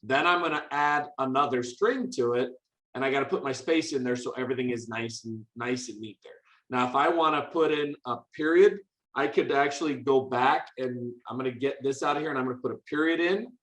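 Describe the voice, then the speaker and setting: A man's voice: mid-range voice, fairly bright tone. Upbeat male teacher, echoey room. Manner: upbeat, chatty, talks while typing. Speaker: teacher presenting a coding workshop. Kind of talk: teaching demonstration.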